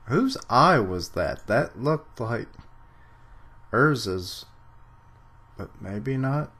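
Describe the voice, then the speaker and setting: Slow-talking man reacting to a manga. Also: fairly low pitch, sing-song, fairly bright tone. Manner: reads panels aloud then comments, dry sarcastic asides; clears throat, mentions allergies. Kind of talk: casual live reading and reaction.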